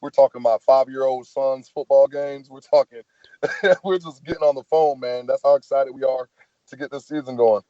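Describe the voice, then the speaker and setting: A relaxed man with a Southern US accent talks through stories as a podcast guest, dropping "man" and "you know" as he goes. His voice is mellow and dark. The audio is dry and a little dull. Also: medium pitch, moderate pace, no echo. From American South. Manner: laid-back, storytelling, says "man" often. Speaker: football player guest. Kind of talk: casual podcast chat.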